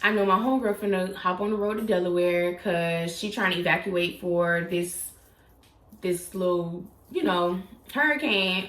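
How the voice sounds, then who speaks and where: Animated young woman telling a story. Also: normal speed, echoey room. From South Florida. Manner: animated, dramatic retelling with acted-out quotes and sudden pitch jumps. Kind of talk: casual storytime vlog.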